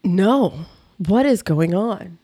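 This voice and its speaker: A young adult woman co-hosting a podcast as a financial coach, animated, often laughing and chiming in. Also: mid-range voice, husky, no room sound, studio quality. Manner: animated and laughing, quick agreeing interjections. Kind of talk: casual podcast chat.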